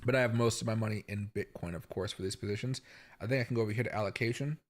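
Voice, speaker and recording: A man's voice: lowish voice, rapid-fire. A man hosting a casual crypto livestream from home, chatty and rambling, talking straight to his viewers.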